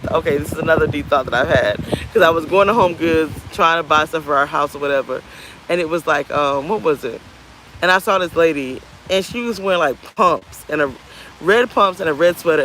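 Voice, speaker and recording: A woman's voice: fairly low pitch, fairly bright tone, a little hiss or hum, poor audio. Candid rambling woman on a beach. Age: 30s. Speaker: vlogger. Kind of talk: casual talk to camera. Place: outdoors on a beach.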